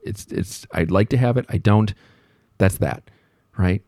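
A man with a very low voice tells a story from his own working life, looping back on himself and poking fun at himself. The sound is close and dry, with no room around it. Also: unhurried, dark tone, no echo. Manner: rambling, self-deprecating, reflective, many fillers. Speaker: podcast host telling a work story. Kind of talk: casual storytelling monologue.

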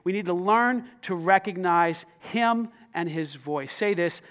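A man with a high voice preaching a sermon. He is animated, swinging between loud, emphatic lines and quiet asides. He talks conversationally and keeps asking the congregation questions. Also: unhurried, clear, resonant tone. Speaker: pastor.

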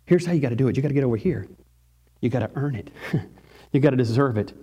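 A man's voice: medium pitch, lively intonation, quick pace, warm tone, breathy edge, voice pushed down. A man putting on a sly coaxing Satan. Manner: coaxing, insistent. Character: sly whispering male Satan, coaxing tempter.

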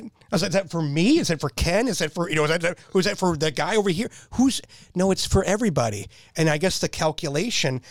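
Middle-aged male guest, fairly high voice, animated storyteller, dry close mic. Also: dry recording. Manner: animated storyteller, laughs often, jumps pitch when quoting people. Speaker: podcast guest. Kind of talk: casual storytelling chat.

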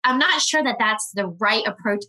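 A woman guest on a podcast, telling a personal story in an earnest, emotional way with halting restarts. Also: fairly high pitch, lively intonation, sharp tone, rough recording.

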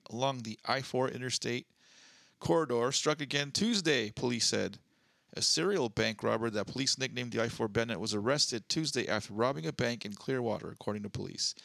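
A man co-hosting a comedy podcast, laid-back and joking as he reads out news stories with offhand asides. His voice is bright and edgy, with a gravelly fry running through it. The recording is dry and close. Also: mid-range voice, no room sound. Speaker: podcast co-host. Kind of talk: casual comedic chat.

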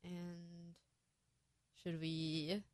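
A young woman co-hosting a casual news podcast, chatty and quick to laugh, with lots of fillers. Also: lowish voice, monotone, a little mellow, dry recording. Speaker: podcast co-host.

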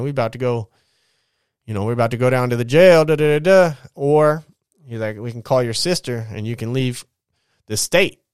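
A man's voice: medium pitch, smooth, dry recording, clean studio sound. A young man bluntly telling his life story in casual, profane talk, full of restarts.

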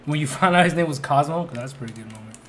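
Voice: mid-range voice, animated, rapid-fire, fairly bright tone, a little hiss or hum. A host in a joking casual chat who keeps teasing the guests and laughs easily.

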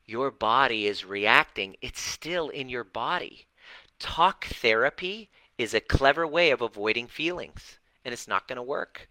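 A fired-up man speaking to his online group with a very bright, sharp edge to his voice. He talks bluntly and dramatically, dropping swear words for emphasis. The sound is dry and close, with almost no room echo. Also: mid-range voice, expressive, measured pace. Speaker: relationship and healing coach. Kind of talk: livestream talk to an online group.

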